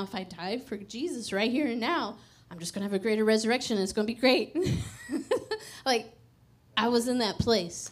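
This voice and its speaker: A woman preaching a sermon, telling a personal story with loud exclamations, hushed asides and frequent laughter. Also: medium pitch. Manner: laughs often through her words.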